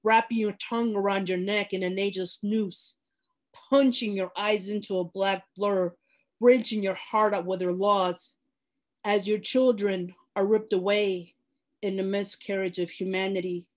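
A woman's voice: mid-range voice, level tone, measured pace. A woman poet reading her own poem aloud over a video call, building intensity as she reads. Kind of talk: poetry reading.

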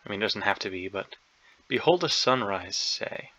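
A man's voice: on the low side, expressive, moderate pace, pushed and bright. A man thinking aloud as he solves a crossword, hesitant and unsure, full of ums and second guesses, on a dull lo-fi recording. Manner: hesitant, unsure, many ums and self-doubts. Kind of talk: thinking aloud while solving a puzzle.

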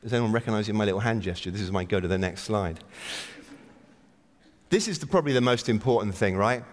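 A man's voice: fairly low pitch, animated, fast talker. A man giving a conference opening address from the stage, wry and self-deprecating as he urges the audience to act. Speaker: keynote speaker. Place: large conference hall stage. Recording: long reverb of a big hall.

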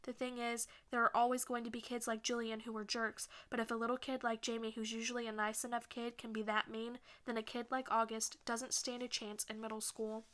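A woman hosting her own channel, reading a novel aloud chapter by chapter in a brisk, plain way. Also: a little high, level tone, a bit bright.

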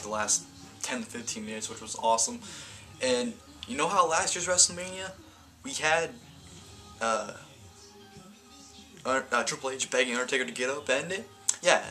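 A man's voice: mid-range voice, pushed and bright. A man casually reviewing a wrestling event in a video, rambling and often correcting himself mid-sentence. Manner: rambling, stumbling, self-correcting.

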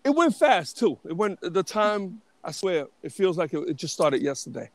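A man in his fifties telling stories as a podcast guest, animated and restarting often. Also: high voice, moderate pace, dry recording. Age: 50s. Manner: animated, restarts often, acts out quoted voices. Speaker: interview guest, booking agent. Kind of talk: casual storytelling.

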